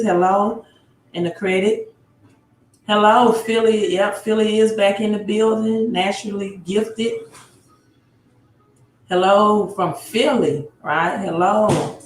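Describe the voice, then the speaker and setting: A woman hosting a live stream about credit. She greets viewers by their cities in a casual chat and often adds tag questions. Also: medium pitch. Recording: roomy home room with faint background noise.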